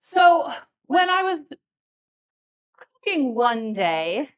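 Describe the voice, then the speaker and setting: Woman as a vain bragging countess, swooping sing-song voice, slow, cackling, live con game. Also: high-pitched, big pitch swings, exaggerated voice. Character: vain boastful countess, noblewoman. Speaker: player in live improv tabletop game. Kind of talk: live improvised character play.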